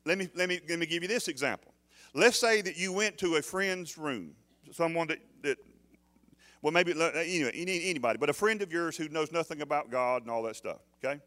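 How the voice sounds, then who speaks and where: A man's voice: on the high side, a little fast, bright, forceful tone. A man preaching a sermon as pastor, emphatic, often putting questions to the congregation.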